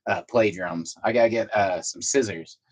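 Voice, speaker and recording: A man's voice: fairly low pitch, moderate pace, poor audio. A man chatting casually with his viewers at home in a loose, rambling way, swearing now and then. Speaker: vlogger. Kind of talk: casual chat to viewers while doing chores. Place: apartment at home.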